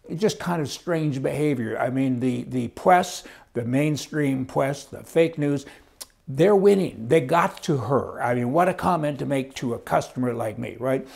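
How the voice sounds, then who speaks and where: A business owner telling an exasperated personal anecdote, breaking into incredulous outbursts. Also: male voice, mid-range voice, unhurried, creaky, darkish tone. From Canada. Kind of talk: ranting personal anecdote to camera.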